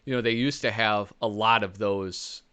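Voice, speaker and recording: A man's voice: lowish voice, fairly even intonation, moderate pace, sharp tone, clear, resonant tone. A man hosting a casual interview. He laughs along and chimes in with short agreements and questions. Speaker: interview host.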